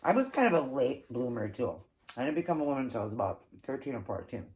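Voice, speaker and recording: A woman's voice: a bass voice, sing-song, fast, a little mellow. A woman hosting an eating show, casually telling an embarrassing story and laughing often.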